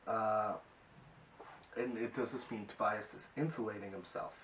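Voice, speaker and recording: A man with a slightly low, fairly bright voice speaks at normal speed with mostly even intonation. He's a video reviewer casually recapping and reviewing a TV episode, rambling with lots of fillers and obvious enthusiasm. The recording comes from a distant mic with a faint hiss.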